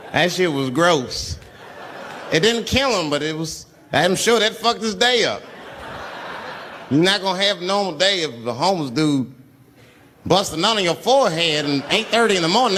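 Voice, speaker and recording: A man's voice: high-pitched, animated, normal speed, noisy background. A man doing stand-up, telling a profane story with lots of acted-out voices. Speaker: stand-up comedian.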